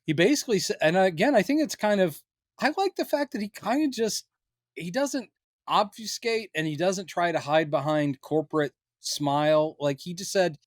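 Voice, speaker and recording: A man with a fairly high, animated voice, joking his way through a casual podcast chat. He slips into silly voices for quotes. The sound is close and dry, with no room around it. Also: normal speed, no room sound. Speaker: podcast co-host.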